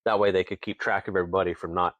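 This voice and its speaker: Over phone-quality sound with no echo, a low-pitched man races through folksy stories as a casual interview guest. He owns a distillery in Tenino, Washington, chuckles between lines, and acts out what others said in lively fashion.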